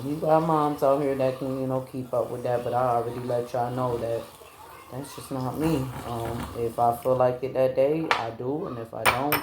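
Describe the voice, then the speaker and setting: A tired young mother with a drawl rambles through a casual chat with her viewers, full of fillers. Her voice bounces around an echoey kitchen, and a steady noise hums underneath. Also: extremely low pitch. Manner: rambling, talks to viewers as y'all, lots of fillers. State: tired, yawning. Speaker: vlogger, mom. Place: home kitchen. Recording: echoey room with background noise.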